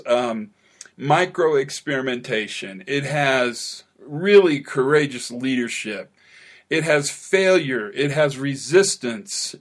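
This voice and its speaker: A man hosting a podcast, introducing the episode with playful, emphatic enthusiasm. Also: medium pitch. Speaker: podcast host.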